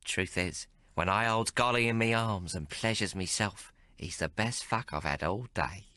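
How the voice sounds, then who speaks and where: A man voicing a coarse, affectionate young working-class woman with rough, teasing speech in a storybook reading. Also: lowish voice, moderate pace, bright, forceful tone, no room sound. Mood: intimate.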